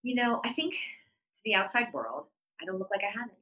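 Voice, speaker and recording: A middle-aged woman telling her story as an interview guest, animated and leaping up in pitch when she quotes people. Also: fairly quick, low-quality recording.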